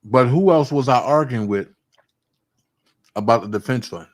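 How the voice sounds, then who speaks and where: A man's voice: medium pitch, moderate pace. A man giving casual livestream commentary, talking straight to his viewers and repeating his points with emphasis. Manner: emphatic, repeats points to drive them home; confrontational, talks straight to viewers. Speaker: online commentator.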